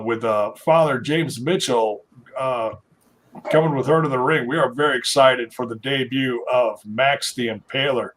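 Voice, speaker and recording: A man co-hosting a casual podcast chat, talking haltingly with many fillers and restarts. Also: medium pitch. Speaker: podcast co-host.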